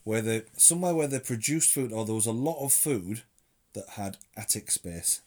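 A man's voice: fairly low pitch, animated, moderate pace, darkish tone. Dry, teasing young man chatting. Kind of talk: casual chat.

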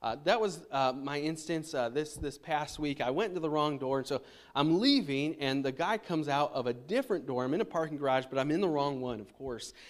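A man's voice: on the high side, expressive, fairly quick. A man in his thirties, a pastor, preaching a sermon in a casual, conversational way with frequent restarts and fillers. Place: church sanctuary.

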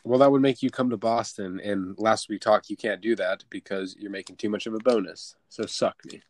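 A man's voice: on the low side, steady tone, fairly quick, no echo. Podcast host guy, teasing and joking, dry close mic. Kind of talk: casual chat.

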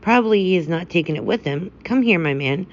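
Figure: pompous old male general read by a woman. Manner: gruff, commanding. Pitch: low. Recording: slightly dull lo-fi audio. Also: animated, quick pace, a little hiss or hum, natural voice. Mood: imperious.

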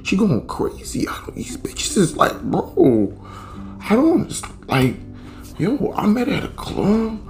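A man voicing a flustered young man who whines and pleads in a hushed voice. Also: high-pitched, wildly swooping pitch, takes it slowly, gravelly, soft background music, voice pushed up, exaggerated voice.

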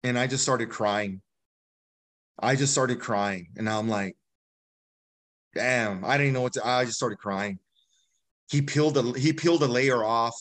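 Speaking a little slowly with frequent pauses, this man has a mid-range, slightly bright voice. He's an army veteran on a podcast, recounting something personal in a blunt, candid way, casually voicing the dialogue and dropping "bro" here and there.

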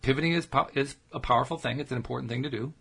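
A man's voice: mid-range voice, rapid-fire, creaky, fairly bright tone, husky. A man co-hosting a casual talk show, asking probing coaching questions and often restarting his sentences. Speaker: podcast co-host.

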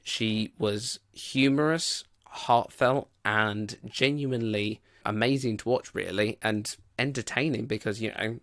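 A man's voice: lowish voice, a bit bright, no room sound, clean studio sound. A man giving a casual spoken film review, rambling and loose with plenty of "like" and "you know".

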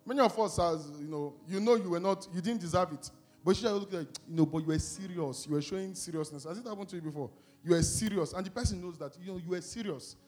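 A man preaching to a congregation, asking them questions and telling an animated personal story. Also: high voice, fast talker, soft background music.

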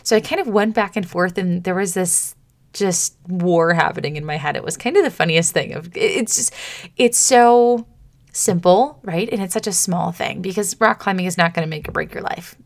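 A woman's voice: lowish voice, normal speed. A woman hosting a solo coaching podcast, talking casually and chattily and acting out her own inner voice.

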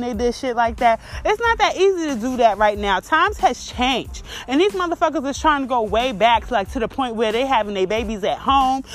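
A woman's voice: fairly high pitch, a bit bright. A woman hosting a podcast, ranting bluntly and mockingly in casual chat, full of profanity. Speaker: podcast host. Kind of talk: casual opinion rant.

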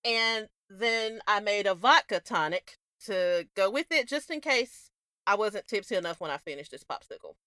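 Chatty Southern woman with a Southern accent, giggly podcast co-host, bright and animated. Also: mid-range voice, moderate pace, no echo, clean studio sound. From American South. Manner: giggly, chatty, laughs often. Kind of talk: casual chat.

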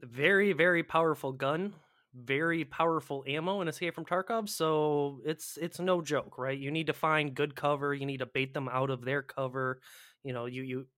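Animated profane man, dry close mic. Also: fairly high pitch, moderate pace, dry recording. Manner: animated, profane, mimics panicked players. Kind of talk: casual gaming chat.

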